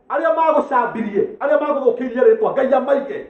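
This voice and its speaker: Kenyan pastor preaching in a high voice. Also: male voice, animated, normal speed. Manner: preaching with fervent calls and chuckles, mixing languages. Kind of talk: sermon. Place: church. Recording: echoey church with tinny phone-like sound.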